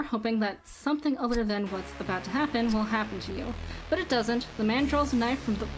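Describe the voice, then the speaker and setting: Woman, fairly high voice, game streamer, reads game text aloud deliberately, swears when frustrated, faint music underneath. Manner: reads narration in an even, deliberate voice.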